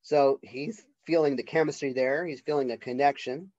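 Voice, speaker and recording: A man's voice: medium pitch, steady tone, darkish tone, no echo. Man lecturing casually, dull lo-fi sound. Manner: conversational, acts out characters' lines in quick voices. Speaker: college literature professor.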